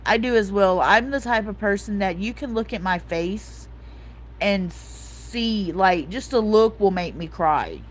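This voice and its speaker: Slow-talking emotional woman livestream host. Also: mid-range voice, animated, slight background noise. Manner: soft-hearted, emotional, reads out chat comments; repeats herself, fillers like "like" and "um". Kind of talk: casual live-chat talk.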